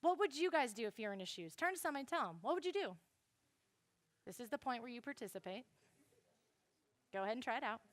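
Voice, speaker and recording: A young woman giving a classroom Bible lesson, animated and speaking straight to her listeners. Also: a little high, fast talker, pauses often, no room sound. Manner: animated, addresses listeners directly.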